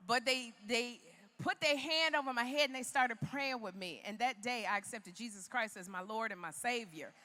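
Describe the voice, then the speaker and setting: A woman's voice: on the high side, normal speed, few pauses. A woman in her fifties giving a humorous, preacherly motivational keynote, acting out the voices in her stories. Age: 50s. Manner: animated, humorous, preacherly, acts out quoted voices. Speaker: keynote speaker. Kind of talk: motivational speech with comic storytelling. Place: large indoor arena. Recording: long arena reverb.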